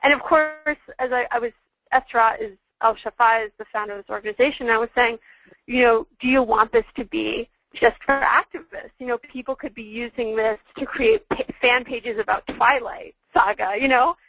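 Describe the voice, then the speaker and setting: A woman's voice: a little high, fairly even intonation, moderate pace, low-quality recording. A woman speaking as a guest on a webinar, explaining things in a chatty way with lots of fillers and restarts. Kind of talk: conversational webinar talk.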